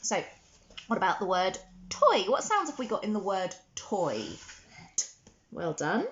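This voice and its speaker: A woman teaching a children's phonics lesson, sounding out words slowly and praising often. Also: mid-range voice, huge pitch swings, dull audio. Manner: slow, sounding out words letter by letter with encouraging praise.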